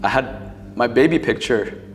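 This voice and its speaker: With lively intonation and a measured pace, this mid-range male voice carries a big-room sound. The speaker, a podcast guest from Paterson, New Jersey, relates a personal story casually and emotionally, with frequent "like" and "um."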